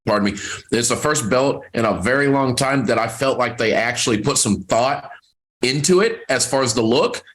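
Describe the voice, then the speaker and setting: A man's voice: medium pitch, normal speed, fairly bright tone. A man co-hosting a casual wrestling podcast, laid-back and plain-spoken. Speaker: podcast co-host.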